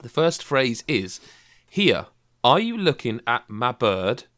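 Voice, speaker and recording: A man's voice: mid-range voice, takes it slowly. A man hosting a casual podcast chat, teasing his co-hosts as he reads out listener questions. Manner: lively, teasing, leads the questions. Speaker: podcast host.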